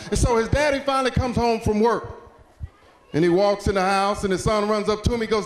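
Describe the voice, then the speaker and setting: A man giving an animated storytelling speech with long, preacher-like pauses. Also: sits high, a little hiss or hum. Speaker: speaker. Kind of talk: storytelling speech to a school audience. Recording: echoey hall.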